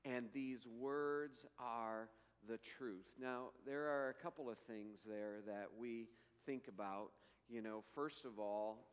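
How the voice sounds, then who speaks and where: A man preaching a sermon in an earnest way, slowing down and lifting his voice to read scripture. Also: medium pitch, clear, resonant tone, in a large hall. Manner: slow, earnest preaching, rising to emphatic scripture readings. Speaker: pastor.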